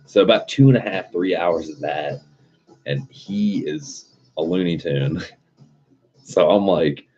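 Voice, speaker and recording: Taking his time in a low, darkish voice, a young man on a live stream tells a rambling, foul-mouthed story, frequently chuckling. Faint background music sits under the dull lo-fi sound.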